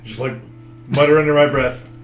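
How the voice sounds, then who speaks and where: Lower-voiced man player, deliberate. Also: fairly even intonation, reverberant, over music. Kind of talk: casual tabletop game play.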